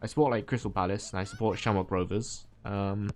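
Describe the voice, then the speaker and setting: Groggy low-voiced Irish streamer, rambling. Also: male voice, a little fast, a little hiss or hum. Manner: rambling, relaxed, with many fillers and restarts. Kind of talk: casual chat while playing a game.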